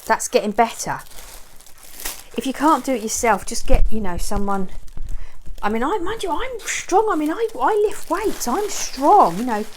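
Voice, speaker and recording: A woman's voice: high voice, sing-song, moderate pace, a little hiss or hum. A woman chatting as she shows how she trains her dogs, rambling and often cheering them on. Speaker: dog owner showing training. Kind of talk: casual how-to vlog.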